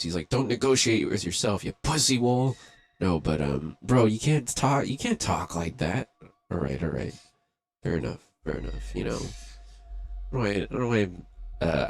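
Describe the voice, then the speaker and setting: A man with a deep, low voice rambles through a casual live beatmaking stream. His talk is loose, laid-back and full of casual swearing, drifting from one thought to the next. A faint beat hums quietly behind him. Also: creaky, breathy edge. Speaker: livestream beatmaker host. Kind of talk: casual livestream chat.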